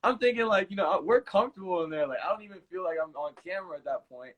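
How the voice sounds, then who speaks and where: A man's voice: sits high, rapid-fire, a loud crowd. A young man hosting a casual live Q&A, telling stories in a laid-back way with plenty of filler words. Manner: laid-back storytelling, many "like" fillers, repeats himself. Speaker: channel host.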